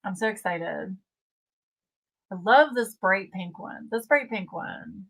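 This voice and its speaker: Slow-talking woman, chatty host. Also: medium pitch, animated, vocal fry, a bit bright, rough recording. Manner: chatty, reads viewer comments aloud. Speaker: livestream host. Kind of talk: casual livestream chat.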